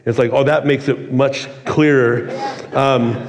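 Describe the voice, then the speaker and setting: A man preaching a sermon in a relaxed, conversational way, full of "like" and "kinda.". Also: mid-range voice, unhurried. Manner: casual, conversational preaching with many "like"s. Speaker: pastor. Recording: long hall reverb.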